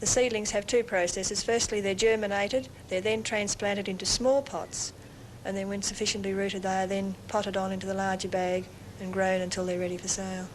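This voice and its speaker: A woman giving measured, informative documentary narration. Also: medium pitch, level tone, slight background noise, low-quality recording.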